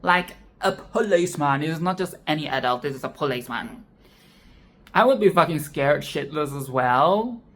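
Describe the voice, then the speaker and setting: A woman giving casual, expressive film commentary, swearing freely and repeating phrases for emphasis. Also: low voice, moderate pace.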